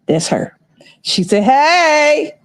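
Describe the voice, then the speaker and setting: A woman's voice: mid-range voice, lively intonation, normal speed, a little mellow, low-quality recording. A middle-aged woman hosting a livestream, rambling and chatting straight to her viewers in a casual, unscripted way. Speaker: livestream host.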